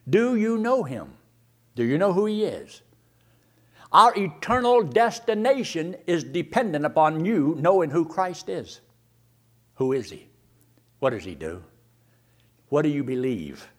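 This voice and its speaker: A man's voice: on the high side, very animated, unhurried, long pauses. A man preaching a sermon, firing rhetorical questions and reading scripture aloud.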